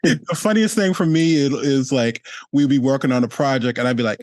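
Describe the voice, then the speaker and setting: A man's voice: mid-range voice, moderate pace, darkish tone, no room sound. A man hosting a casual interview over a video call, talking in a rambling way with laughs and little acted-out quotes. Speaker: host.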